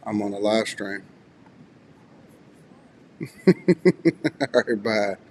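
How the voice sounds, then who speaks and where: A man hosting a casual live stream from home, relaxed and a bit groggy with a slightly raspy voice, chatting and reading viewer messages aloud. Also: fairly low pitch, drawn-out words, big-room sound. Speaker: host.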